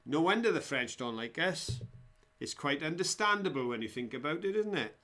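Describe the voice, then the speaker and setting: A man's voice: on the high side, expressive, moderate pace, bright, forceful tone. Chatty man hosting a quiz. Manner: chatty, jokey, reads out viewers' answers. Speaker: quiz host. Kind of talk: casual live-stream quiz hosting.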